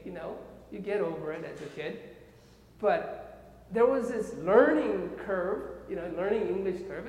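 A man from Korea with a Korean accent, preaching a sermon as an animated storyteller who keeps checking in with his listeners. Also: sits high, a little hiss or hum. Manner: animated storyteller, often checks in with "okay?" and "right?". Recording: echoey hall with long reverb.

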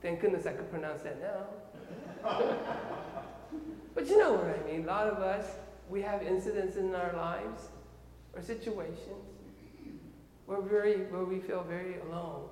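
Male preacher, Korean accent, lively storyteller who checks in with the crowd; recorded in a reverberant hall. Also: high voice, slight background noise. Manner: animated storyteller, often checks in with "okay?" and "right?". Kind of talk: sermon storytelling. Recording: echoey hall with long reverb.

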